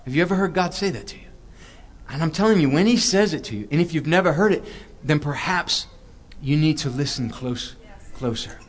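A man's voice: a little high, expressive, fairly quick. A man co-hosting a Christian talk show, speaking earnestly and repeating phrases for emphasis. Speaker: co-host. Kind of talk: Christian podcast chat.

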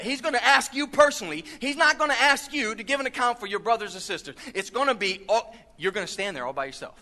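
A man's voice: very high-pitched, sing-song, quick pace, hardly any pauses, pushed and bright. A man preaching a sermon to his church in a conversational way, full of asides and rhetorical questions. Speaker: pastor.

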